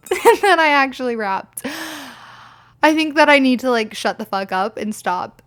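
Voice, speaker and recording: A woman's voice: high voice, animated, a little slow, fairly bright tone. A young woman hosting a podcast, telling stories in a blunt, exasperated way, swearing freely and saying "like" often. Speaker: podcast host. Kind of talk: casual storytelling monologue.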